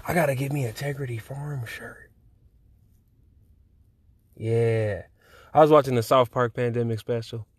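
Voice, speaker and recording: A young man hosting a solo chat podcast while high, talking in a loose, rambling way with lots of slang and swearing. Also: vocal fry, no echo. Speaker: podcast host.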